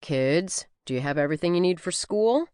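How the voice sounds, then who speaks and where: A polite, plain-spoken detective husband, voiced by a woman narrator. The voice sits low for her yet moves freely in pitch. The audiobook sound is dry and close. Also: animated, normal speed, a little mellow, smooth, no room sound, close to an everyday voice. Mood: courteous. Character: calm man, a police detective and husband.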